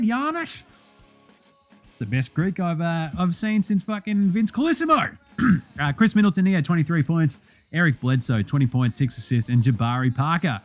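Australian man with a raised voice, swearing. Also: fairly high pitch. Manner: profane, excitable, jokey. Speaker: podcast host. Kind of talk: sports results recap.

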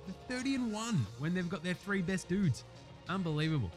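A man's voice: sits high, lively intonation, normal speed, faint music behind. A man hosting a casual sports picks show, swearing freely and getting heated as he calls each game. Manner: profane, fired-up, ranting. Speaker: sports podcast host.

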